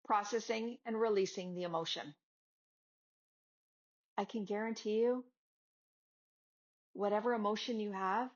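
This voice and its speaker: A woman yoga teacher and podcast host giving a casual motivational talk, chatty and acting out little dialogues with her students. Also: medium pitch. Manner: conversational, acts out dialogues with students. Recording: slightly dull lo-fi audio.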